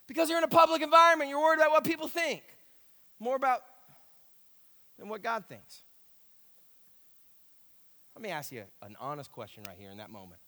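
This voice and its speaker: Male pastor, sermon, animated and emphatic, repeats himself, high bright voice, echoing church hall. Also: fairly quick, pauses often. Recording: echoey hall.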